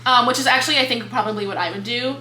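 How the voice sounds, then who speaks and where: A young woman co-hosting a book podcast, retelling the plot in casual chat, expressive and swearing freely. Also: fairly high pitch, very fast. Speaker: podcast co-host. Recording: echoey room with faint hum.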